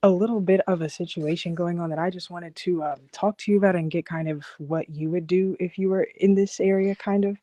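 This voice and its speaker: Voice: medium pitch, fairly even intonation, a little fast, hardly any pauses, warm tone, highs cut off. A caller asking a coach for advice, explaining in a hesitant, detailed way with many fillers. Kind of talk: casual call-in question.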